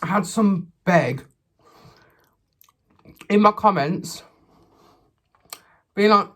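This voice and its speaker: A man's voice: high voice, expressive, takes it slowly, long pauses, fairly bright tone. A man, a mukbang vlogger chatting casually and a little sassily while he eats, sometimes talking with his mouth full. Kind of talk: casual chat while eating.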